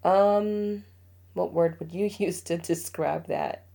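Middle-aged mother as podcast host, low gravelly voice, heartfelt and confiding. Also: slow. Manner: warm storytelling, emotional, laughs often. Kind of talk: heartfelt parenting podcast talk.

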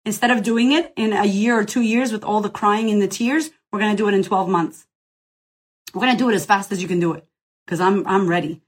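Woman podcast coach, breathy and husky, effusive, blunt, profane, high-energy pep talk. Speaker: business coach and podcast host. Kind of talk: live motivational Q&A.

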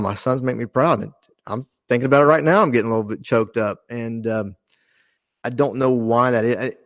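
A middle-aged man, a former fighter pilot, talking earnestly and haltingly on a podcast, with many pauses and restarts. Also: mid-range voice, dry recording. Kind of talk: casual podcast conversation.

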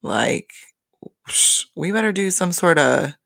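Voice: medium pitch, moderate pace, creaky, a bit bright, no room sound. A podcast host chatting casually through a reality TV recap, gushing, rambling and swearing freely on a home mic.

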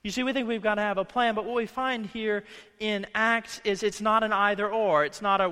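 A man's voice: high-pitched, normal speed, sharp tone, big-room sound. A man preaching a conversational sermon as pastor in a church, slipping into quoted voices. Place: church sanctuary.

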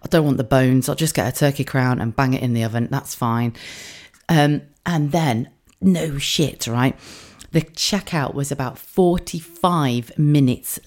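A woman's voice: very deep voice, darkish tone. A woman in her thirties telling stories in a casual podcast monologue, chatty and sweary, laughing often. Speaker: podcast host.

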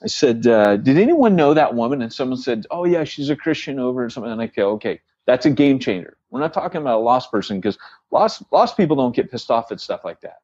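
This podcast co-host, a church planter, talks fast in a husky mid-range voice. Chatting casually, he tells an animated story full of restarts and acted-out quotes. The audio is dull, with no room sound.

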